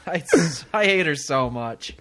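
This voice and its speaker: A man's voice: fairly high pitch, animated, measured pace, pushed and bright. A man co-hosting a casual podcast who keeps jumping in with crude jokes and laughs. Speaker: podcast co-host.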